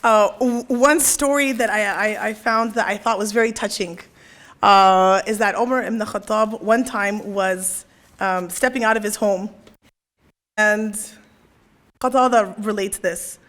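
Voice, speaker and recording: A woman's voice: medium pitch, steady tone, a little slow, fairly bright tone. A young woman giving a religious lecture at a convention, telling a story and often checking in with "right?". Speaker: convention speaker.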